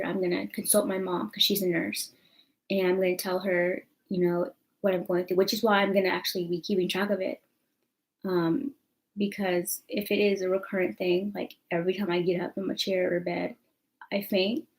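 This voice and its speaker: A woman's voice: medium pitch, vocal fry, poor audio. A young woman, rambling casually to camera in a chatty vlog with lots of fillers. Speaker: vlogger.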